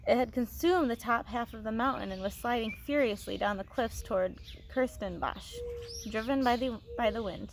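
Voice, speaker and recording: A woman teacher reading a novel aloud to her students, expressive, with small restarts, on a phone. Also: on the high side, normal speed, a little hiss or hum.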